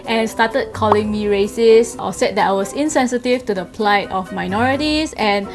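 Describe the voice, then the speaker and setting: A woman's voice: medium pitch, moderate pace, soft background music. A young woman from Singapore, giving a blunt, sarcastic opinion monologue as a vlogger.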